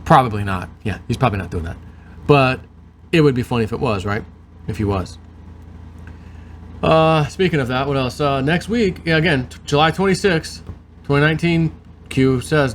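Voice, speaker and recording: A man's voice: mid-range voice, animated, normal speed, pauses often, slight background noise. A man hosting his show, reading news aloud and breaking off into sarcastic commentary. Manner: reads aloud, then adds sarcastic asides. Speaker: host.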